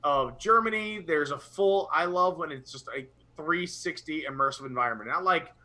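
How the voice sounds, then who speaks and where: A man's voice: a little high, moderate pace, pushed and bright. A young man co-hosting a casual live chat, talking with rambling enthusiasm. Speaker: podcast co-host.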